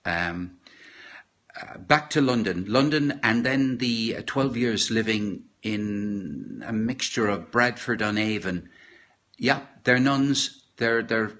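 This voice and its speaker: A middle-aged Irish man chatting casually on a live stream from his kitchen, rambling and halting with many fillers and restarts. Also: on the low side, a bit bright. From Ireland. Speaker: podcaster. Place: home kitchen.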